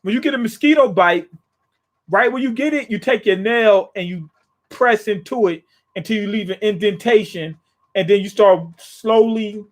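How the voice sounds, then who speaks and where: A man hosting a casual live reaction to a comic chapter, rambling with jokey asides and many restarts. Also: sits high. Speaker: manga reaction channel host.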